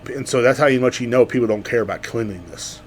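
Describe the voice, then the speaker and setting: Talking fast in a medium-pitched voice, a man hosts a podcast and goes on a rambling, casual rant, heavily profane with a sarcastic streak. He's from Central Texas, USA, and a little hiss or hum sits under the recording.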